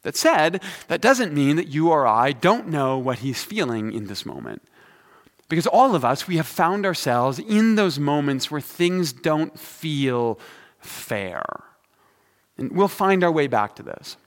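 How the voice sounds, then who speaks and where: A man's voice: on the high side, very animated, a little slow. A middle-aged male pastor giving a sermon, conversational and storytelling, with dry humor. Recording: long hall reverb.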